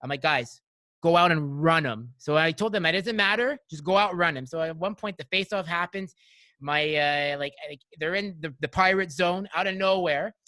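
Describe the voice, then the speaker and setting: A man's voice: a little high, normal speed, bright, forceful tone, no room sound. A man from Montreal hosting a podcast, telling stories in a rambling, casual way full of "like" and "you know". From Montreal, Canada. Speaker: podcast host. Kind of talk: casual chat, storytelling.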